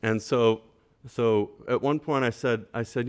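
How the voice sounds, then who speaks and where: A man on a school board, speaking at a meeting and telling an anecdote with lively asides and "right?". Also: medium pitch, a little slow. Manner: animated storyteller, repeats "right?".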